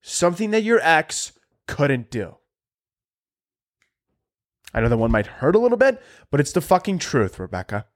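Animated young man ranting sarcastically. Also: normal speed, long pauses. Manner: sarcastic, profane, animated, voice cracking high when worked up. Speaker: podcast host. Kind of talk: comedic podcast rant.

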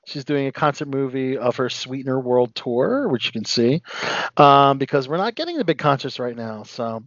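A man's voice: medium pitch, expressive, normal speed, a bit bright, no echo. A man hosting a casual entertainment news chat, reading out items and laughing along. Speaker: host. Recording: dry, dull lo-fi sound.

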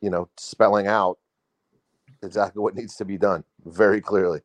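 Low-pitched man, relaxed explainer in casual chat, dry sound. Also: moderate pace, no echo.

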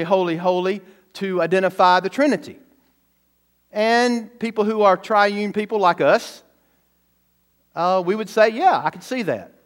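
A man preaching a sermon, emphatic, asking the congregation rhetorical questions and stressing words by repeating them. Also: high voice. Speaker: pastor.

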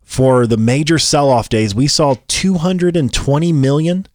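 A man's voice: fairly high pitch, measured pace, a little mellow, no room sound, clean studio sound. A man hosting a casual podcast chat, laying out figures and prompting his co-host with questions.

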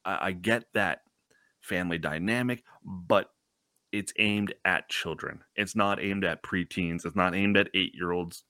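A man's voice: low-pitched, unhurried, sharp tone, no echo, clean studio sound. A man hosting a podcast interview, chatting with enthusiasm and laughing easily. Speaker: podcast host. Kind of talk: casual interview chat.

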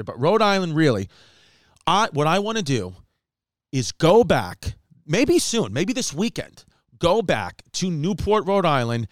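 A man from New York hosting a comedy podcast, telling stories in a casual, animated way and acting out quotes. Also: a little high, no echo, clean studio sound. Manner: animated storyteller, acts out quotes. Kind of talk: casual storytelling chat.

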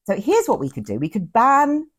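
A woman's voice: on the high side, wildly swooping pitch, normal speed, slightly rough. A woman co-hosting a casual podcast chat, with wry, drily exaggerated rants. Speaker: podcast co-host.

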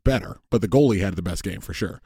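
A man's voice: low voice, fast, vocal fry, mellow, slightly rough, no echo, studio quality. A man co-hosting a casual sports podcast, talking bluntly with plenty of swearing and frequent restarts. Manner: blunt, profane, restarts sentences often. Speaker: podcast co-host.

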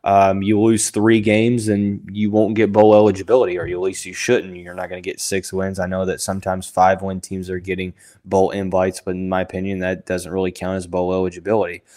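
A man hosting a sports podcast, thinking out loud with lots of fillers and restarts, who has the hiccups. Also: low-pitched, monotone, a little fast, hardly any pauses. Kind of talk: casual sports analysis podcast.

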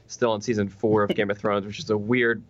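A man guesting on a casual chat, making dry deadpan asides. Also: lowish voice, fairly quick, highs cut off. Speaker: guest, web series co-creator.

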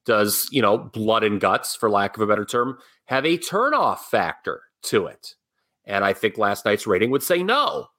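A man's voice: fairly low pitch, very animated, moderate pace, sharp tone. A middle-aged man co-hosting a podcast, chatting casually and giving opinions with jokey asides. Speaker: podcast co-host. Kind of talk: casual wrestling talk.

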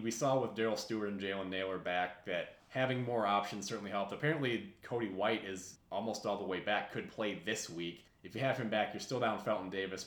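A man co-hosting a casual sports podcast, breaking down games in a wry, self-deprecating way. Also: lowish voice. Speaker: podcast co-host. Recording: roomy echo.

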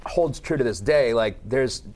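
A middle-aged man talks casually as a podcast guest. His pitch sits in the middle range, and he often stops and restarts his sentences. He laughs easily as he talks. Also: measured pace, darkish tone. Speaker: guest actor.

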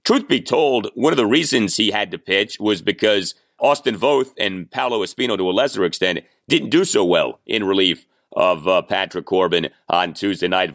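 A man's voice: lowish voice, animated, normal speed, few pauses, fairly bright tone, dry recording, studio quality. A man hosting a casual sports chat, telling the story with wry emphasis. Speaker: podcast host.

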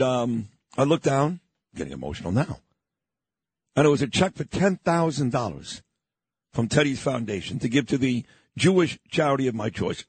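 A man's voice: mid-range voice, slightly rough, dry recording. An older man from New York hosting a morning radio show, telling a story in an emphatic, boastful way.

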